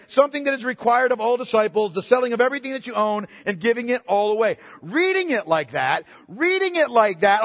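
A man preaching a sermon as pastor, swinging between loud emphatic bursts and hushed asides. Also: extremely high pitch, long reverb tail.

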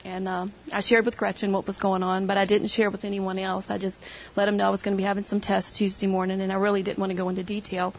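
A woman's voice: medium pitch, level tone, fast talker, hardly any pauses, slight background noise, low-quality recording. A middle-aged woman sharing an emotional personal testimony with her church group, retelling conversations as she goes. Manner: emotional storytelling, quoting others.

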